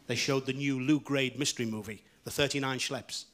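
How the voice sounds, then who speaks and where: A man's voice: mid-range voice, fairly even intonation, heavy background noise. A middle-aged man hosting a live variety show, telling jokes in a stand-up monologue with frequent chuckles. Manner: brisk joke-telling with chuckles. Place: large theatre stage. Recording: live theatre with roaring audience. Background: loud audience laughter and applause.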